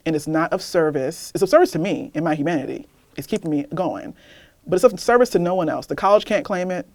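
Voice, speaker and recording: Young woman poet, interview guest; candid, lively, laughs easily, low voice. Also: quick pace, no echo. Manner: candid, animated, laughs often. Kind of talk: casual interview chat, then poetry reading.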